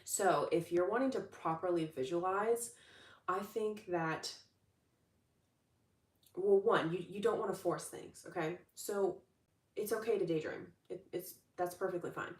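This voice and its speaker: A young adult woman working as a manifestation coach talks casually on a livestream in an unhurried, lowish voice. She's upbeat and chatty, with lots of fillers and restarts, and she sounds distant from the mic in a roomy, echoey space.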